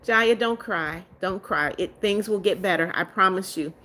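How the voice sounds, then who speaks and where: A young woman hosting a livestream reads viewer comments aloud and answers them casually, greeting each newcomer with repeated hellos and welcomes. Her medium-pitched voice is bright and forceful at a normal speed.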